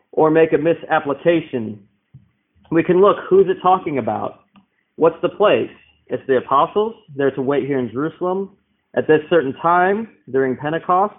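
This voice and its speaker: Man preaching over a tinny line. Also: on the high side. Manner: explanatory, asks rhetorical questions. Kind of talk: Bible teaching sermon. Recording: tinny phone-like sound.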